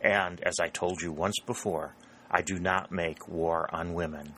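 A proud young soldier who talks in a stiff, earnest, slightly awkward way, played by a male narrator. The voice stays very low and plain. The background carries a faint hiss. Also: fairly even intonation, measured pace, fairly bright tone, low-quality recording.

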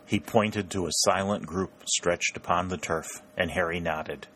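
A man with a very low voice reads a story aloud. His delivery is measured and steady, and he gives each character a light touch of their own voice. A faint hiss sits behind the recording. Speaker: audiobook narrator. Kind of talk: scripted narration.

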